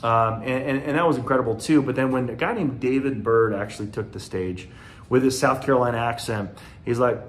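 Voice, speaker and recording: A man's voice: mid-range voice, brisk, slight background noise. A man in his forties from the American South, giving an earnest, loosely rambling motivational talk straight to camera. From Southern United States. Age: 40s. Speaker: motivational speaker.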